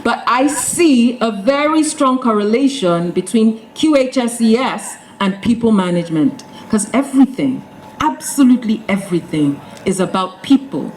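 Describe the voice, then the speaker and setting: A woman's voice: a little high, expressive, moderate pace, slight background noise, rough recording. Emphatic woman giving a speech. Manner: emphatic, rhetorical repetition. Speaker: guest speaker. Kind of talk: motivational speech. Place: event hall with live audience.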